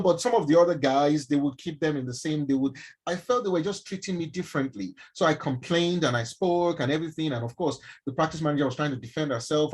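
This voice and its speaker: A man with a Nigerian accent gives an animated mentoring talk on a live stream and often asks his listeners questions. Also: medium pitch, breathy edge, rough recording. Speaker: mentor speaking to young people.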